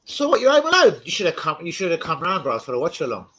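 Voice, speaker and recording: Excitable man hosting a watch-along. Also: a little high, quick pace, low-quality recording. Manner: excitable, swearing, shouting out viewers. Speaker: football fan channel host. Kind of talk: live football watch-along chat.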